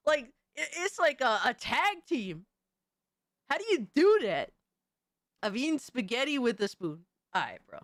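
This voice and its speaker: A woman hosting a casual livestream, talking to her chat in a profane, animated, slangy way. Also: on the high side, measured pace, no echo, studio quality. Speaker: livestream host reading chat.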